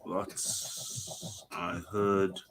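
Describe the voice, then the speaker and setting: Low-voiced man hosting boxing talk. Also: extremely slow, background noise. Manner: animated, exclaims, thinks aloud while searching online. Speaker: host. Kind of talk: live online boxing talk show.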